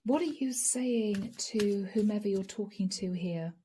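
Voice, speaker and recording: A woman giving a channeled tarot reading to her viewers, earnest and emotional, often dropping to a soft whisper. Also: mid-range voice, measured pace, a little hiss or hum. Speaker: tarot reader.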